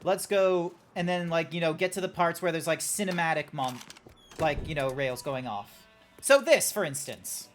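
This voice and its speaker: A man's voice: fairly high pitch, fairly even intonation, normal speed, fairly bright tone. A man in casual, rambling commentary while streaming a video game, full of asides. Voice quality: rambling, lots of fillers and asides. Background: music playing.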